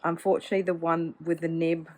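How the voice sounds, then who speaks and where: A woman's voice: sits low, level tone, fast talker, darkish tone, poor audio. A woman vlogging about her hobby in a cozy, casual chat, often hedging with "kind of". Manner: chatty, hedging with many "kind of"s. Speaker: fountain pen vlogger.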